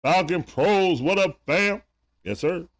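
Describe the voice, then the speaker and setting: Man, stream host, sore throat, laid-back slang, casual chat, pitch swings up and down a lot. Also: expressive, slow. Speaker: live-stream sports watch party host.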